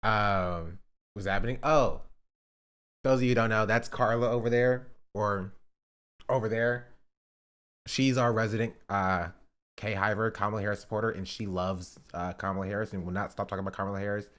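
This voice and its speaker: A man's voice: fairly low pitch, fairly even intonation, normal speed, fairly bright tone. A young man streaming live, chatting casually with his viewers, pleading and joking. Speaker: livestreamer.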